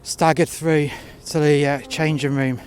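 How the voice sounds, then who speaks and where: A man's voice: a little high, little pitch movement, darkish tone. Angry man telling his story. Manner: halting, with frequent "uh" fillers and heated profane outbursts. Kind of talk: first-person storytelling monologue. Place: outdoors in freezing cold.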